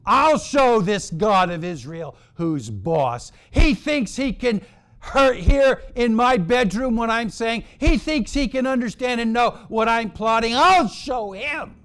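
A man's voice: very high-pitched, expressive, takes it slowly, a bit bright, voice pushed up, heavily acted. A man voicing an arrogant ancient king making defiant, emphatic threats. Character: boastful scheming ancient king, male, arrogant.

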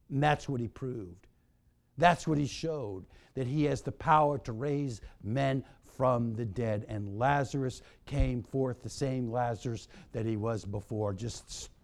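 A man preaching a sermon, swinging between hushed lines and shouted emphasis. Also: mid-range voice.

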